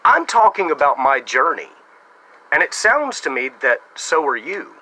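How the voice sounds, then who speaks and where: A man's voice: a little high, sing-song, measured pace, bright, forceful tone, poor audio. An American man making a casual response video to camera, with a sarcastic, mocking manner. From United States. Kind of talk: casual talking-to-camera monologue.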